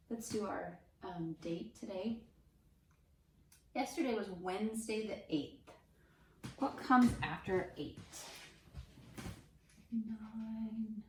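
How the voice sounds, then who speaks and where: A young woman teaching kindergarten from home, speaking gently and slowly with soft whispers to encourage the children. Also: medium pitch, echoey room, far from the mic, slight background noise. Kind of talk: remote class lesson for young children. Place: room at home.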